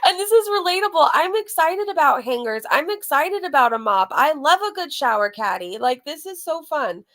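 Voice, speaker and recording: A woman's voice: high-pitched, big pitch swings, normal speed, a bit bright. A woman hosting a casual reaction channel, chatting to her viewers and laughing often.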